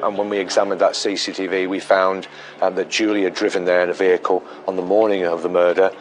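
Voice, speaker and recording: A police detective with a very low voice talks through an investigation in measured, halting sentences, filling gaps with ums. Soft music plays faintly under his words. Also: flat delivery. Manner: measured, hesitant with many fillers. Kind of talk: documentary interview.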